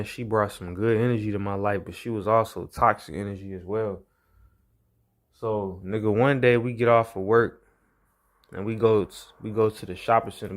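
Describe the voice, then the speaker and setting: A young man with a fairly low voice tells a personal story straight to the camera. He rambles and curses freely, circling back over the same phrases as he talks. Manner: rambling, profane, repeats phrases. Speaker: vlogger. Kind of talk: casual storytelling monologue.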